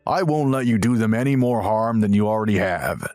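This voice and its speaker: A man's voice: on the low side, lively intonation, brisk, darkish tone, dry recording, soft background music, natural voice. A man voicing a stern, disapproving older father who rebukes firmly in a dramatized text-message story.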